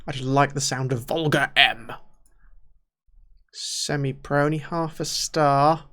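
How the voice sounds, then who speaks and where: Slow, muttering man. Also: mid-range voice, fairly even intonation. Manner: muttering to himself, thinking aloud, often trailing off quietly. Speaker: gaming YouTuber. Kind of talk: casual let's-play commentary.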